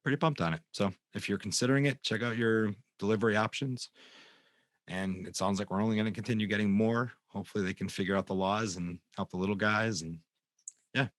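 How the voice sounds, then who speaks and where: An upbeat man with a lowish voice, chatting casually on a podcast. The sound is dry and close, and he swears cheerfully as he talks. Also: fairly even intonation, a little fast, dry recording. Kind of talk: casual chat.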